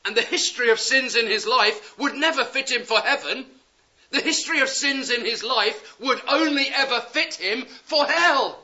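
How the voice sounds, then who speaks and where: A man preaching a sermon, impassioned and pleading, swinging from loud urgent appeals to hushed words. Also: very high-pitched. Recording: dull lo-fi sound.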